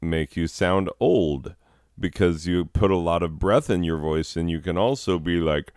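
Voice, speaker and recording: A man's voice: sits low, a little slow, darkish tone, clear, resonant tone, dry recording, clean studio sound. A man hosting a comedy show who also teaches drama, riffing with sardonic, self-deprecating asides.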